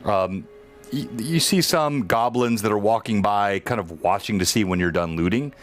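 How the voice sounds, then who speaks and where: A man running a tabletop game as game master, chatting in a relaxed, self-deprecating way. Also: on the low side, normal speed, soft background music.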